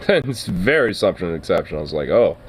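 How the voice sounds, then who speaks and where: A man's voice: low voice, sing-song, moderate pace, slight background noise, rough recording. A young adult man hosting a podcast, talking casually, rambling with lots of fillers, cursing and laughing. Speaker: podcast host. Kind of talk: casual solo commentary.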